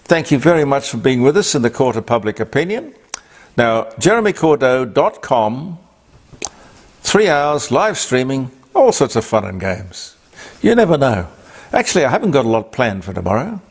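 A man's voice: medium pitch, very animated, normal speed, breathy edge. An older man with an Australian accent hosting a talk show, reading on-this-day items with rambling asides and fillers. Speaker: radio talk host. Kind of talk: casual on-this-day segment.

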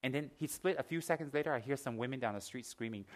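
A man teaching as a Buddhist teacher in a Dharma talk, mixing teaching with lively personal stories, joking asides and acted-out gasps. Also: mid-range voice, very fast, hardly any pauses, slight background noise. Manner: lively storyteller, acts out gasps and shouts.

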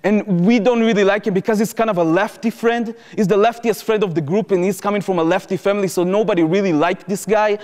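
A man's voice: high-pitched, steady tone, fast talker, hardly any pauses, darkish tone. A young man with an Israeli accent, giving a talk to an audience and telling a first-person story vividly in the present tense. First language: Hebrew. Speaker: speaker at a public talk. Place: lecture hall before an audience. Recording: reverberant hall.

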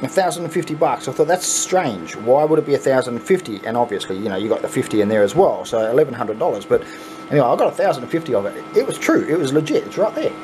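A middle-aged man with an Australian accent hosting a casual unboxing vlog, excitable and chuckly, swearing freely. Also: mid-range voice, racing, over music. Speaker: coin pusher channel host.

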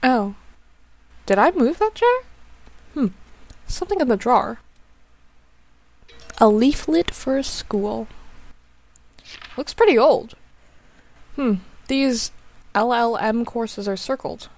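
A woman's voice: fairly high pitch, lively intonation, slow, pauses often, darkish tone, rough recording. A woman commenting casually on a game she is playing, wry and sarcastic, swearing freely. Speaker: let's play gamer.

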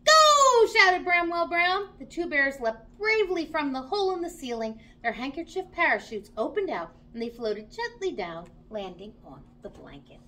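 Animated woman reading a children's story. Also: on the high side, normal speed, few pauses, slight background noise. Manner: animated and expressive. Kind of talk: story read aloud for children.

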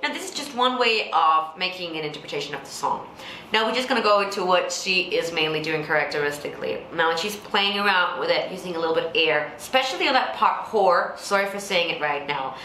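Contralto vocal coach in an echoey room. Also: female voice, expressive, fairly quick, bright, forceful tone, slight background noise. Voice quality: low contralto speaking voice. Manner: explains then sings example lines. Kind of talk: singing tutorial with sung demonstrations. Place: Singapore. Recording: echoey room with faint music.

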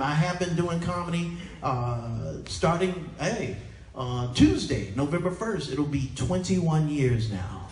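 In an unhurried, fairly high voice with lively intonation, a middle-aged man gives a clean stand-up set at a conference, doing playful crowd work and voice impressions. The echoey hall places him far off, with the crowd audible and slight background noise.

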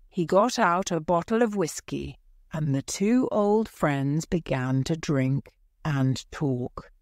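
Slow, measured storybook narrator. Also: mid-range voice, lively intonation, darkish tone, no echo, studio quality.

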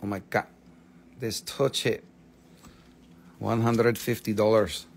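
A man's voice: lowish voice, flat delivery, slow pace, vocal fry. A man selling stones on a live shop stream, in joking patter with playful broken English. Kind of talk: live sales pitch.

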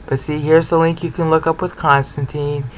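A man's voice: a little high, flat delivery, normal speed, muffled recording. A man giving an informal Bible history lecture, chatty and often checking in with "okay?". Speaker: Bible teacher. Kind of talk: informal lecture over slides.

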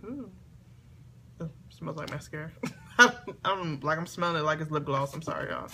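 A woman chatting excitedly to camera as she opens gifts, talking to her viewers at home. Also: deep voice, moderate pace, long pauses, slight background noise. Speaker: beauty vlogger. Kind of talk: casual unboxing chat to camera. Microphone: camera on a tripod.

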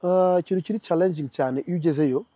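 Young man, high voice, husky, animated, from Rwanda. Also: quick pace, no room sound, highs cut off. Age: young adult. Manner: animated, switches into mimicked English voices. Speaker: interview guest. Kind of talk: casual interview.

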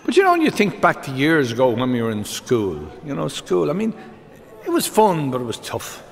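An Irish male comedian telling a string of jokes in brisk stand-up style, with frequent "he says". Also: fairly high pitch, huge pitch swings, creaky, big-room sound. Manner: brisk storytelling with many "he says".

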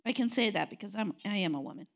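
A woman's voice: medium pitch, animated, fast talker, gravelly. A middle-aged woman pastor preaching a sermon in church, blunt and confrontational, acting out mocking quotes. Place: church sanctuary.

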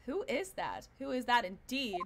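A young woman streamer giving casual, profane, excitable commentary while playing a game, often laughing and shouting. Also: on the high side, normal speed, gravelly. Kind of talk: casual let's-play commentary. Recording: game music playing behind.

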